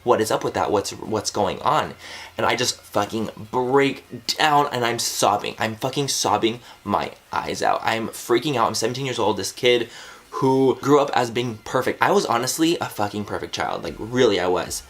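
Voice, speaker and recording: A man in his twenties casually telling a personal story to camera, animated, swearing freely and filling his talk with "like". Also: medium pitch, normal speed. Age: 20s. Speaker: vlogger.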